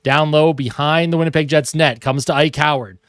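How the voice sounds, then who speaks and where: A man's voice: a little high, fairly even intonation, a little fast, smooth, no echo, clean studio sound. A man doing live hockey play-by-play from home in a casual, chatty way, with asides to viewers. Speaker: hockey stream host. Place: home room.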